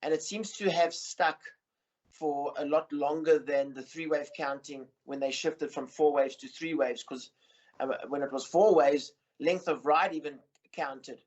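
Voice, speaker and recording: A middle-aged man talks casually as an interview guest, with a voice a little higher than most men's. He rambles, full of ums and restarts. The sound is muffled and lo-fi. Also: fairly even intonation, unhurried. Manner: rambling with many fillers and restarts. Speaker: interview guest, surf head coach. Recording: muffled lo-fi recording.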